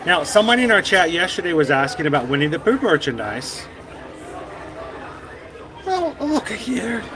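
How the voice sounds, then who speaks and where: A man with a fairly high voice and big pitch swings talks fast while casually hosting a walking livestream on an outdoor theme park walkway. Strolling around, he chats and meanders with light jokes as a busy crowd fills the background.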